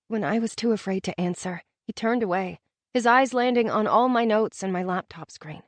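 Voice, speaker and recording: A woman narrating a romance audiobook in the first person, expressive and intimate in her storytelling. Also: medium pitch, moderate pace, no echo.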